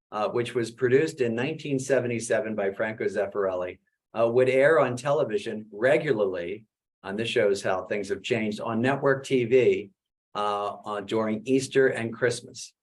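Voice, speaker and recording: Chatty man with many fillers. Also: medium pitch. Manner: conversational, many "uh" fillers, animated questions. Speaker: Jesuit priest and author presenting his book. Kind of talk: webinar talk, storytelling.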